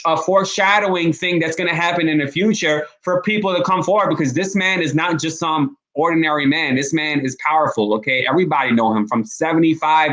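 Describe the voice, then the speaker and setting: A man's voice: on the high side, fairly bright tone. A man giving casual, emphatic commentary on a vlog, speaking in slang and addressing viewers directly. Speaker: online commentator.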